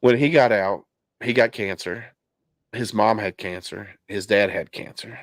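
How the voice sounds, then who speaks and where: A man hosts a relaxed podcast conversation from his home. His voice sits on the low side and sounds dry, with no room echo. He talks candidly, circling back with restarts and fillers. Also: unhurried. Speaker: podcast host. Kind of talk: casual podcast chat. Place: home basement.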